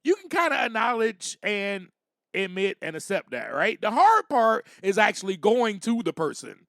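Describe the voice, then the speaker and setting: Animated high-voiced man, lively podcast host. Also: normal speed, gravelly, no room sound, studio quality. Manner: animated, repeats phrases, acts out quotes. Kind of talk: personal recovery talk.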